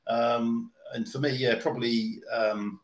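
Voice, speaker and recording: A man's voice: mid-range voice, steady tone, measured pace. A man chatting casually as a podcast guest, hesitant, with lots of restarts and ums. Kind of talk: casual chat. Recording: echoey room.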